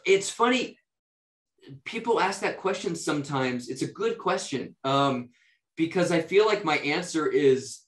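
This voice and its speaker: A man from the United States, an actor, answering interview questions in a relaxed, rambling way, with lots of fillers and restarts. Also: medium pitch. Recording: roomy echo.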